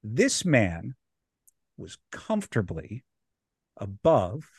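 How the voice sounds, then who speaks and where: A young man and podcast co-host, telling a story in casual chat, animated and laughing as he acts out the people in it. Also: on the low side, very slow, gravelly, slightly rough, dry recording, clean studio sound.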